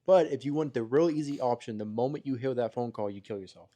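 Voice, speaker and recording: A man's voice: medium pitch, quick pace, dark tone. A man guesting on a casual podcast, giving blunt, emphatic opinions about a horror movie.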